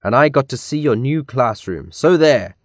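A man's voice: medium pitch, expressive, moderate pace, dry recording, studio quality, close to an everyday voice. A man voicing a bossy, stubborn little girl in a read-aloud children's story, raising his voice to sound small and insistent. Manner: pleading, insistent.

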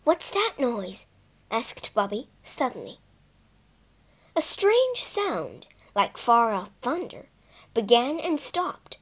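A woman narrating a children's storybook in a careful, expressive reading. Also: a little high, slow pace, husky.

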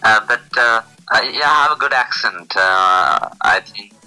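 Low-voiced Bangladeshi man on a call. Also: lively intonation, a little slow, sharp tone, rough recording. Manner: hesitant, many uh fillers. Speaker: guest, police officer. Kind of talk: casual interview over a video call. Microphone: internet call. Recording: compressed online call with faint music.

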